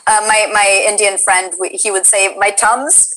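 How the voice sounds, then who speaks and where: A woman's voice: mid-range voice, level tone, moderate pace, a bit bright, low-quality recording. A woman hosting a casual interview, chatty and enthusiastic. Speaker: interview host.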